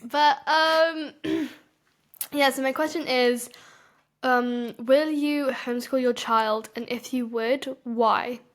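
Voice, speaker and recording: A woman's voice: sits high, steady tone, takes it slowly. A woman asking a question in a casual, playful podcast chat.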